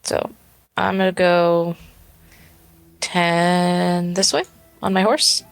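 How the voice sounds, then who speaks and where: A woman playing in a tabletop game, thinking aloud in a hesitant, unhurried way. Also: fairly low pitch, flat delivery, gravelly, clean tone, soft background music. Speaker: player. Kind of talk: casual tabletop play.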